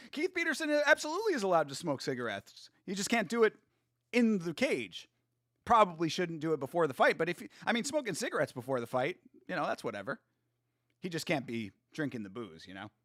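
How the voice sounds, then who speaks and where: High-voiced man cursing through fight commentary. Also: brisk, no echo, clean studio sound. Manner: excitable, profane, trash-talking; reads viewer chat aloud and answers it. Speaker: host. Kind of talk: casual live watch-along commentary.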